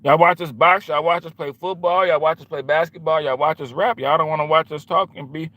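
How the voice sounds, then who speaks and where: A man's voice: a little high, steady tone, fairly quick, no room sound, dull audio. A man hosting a livestream, talking back to his chat in a confrontational, repetitive and slangy way. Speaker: livestream host.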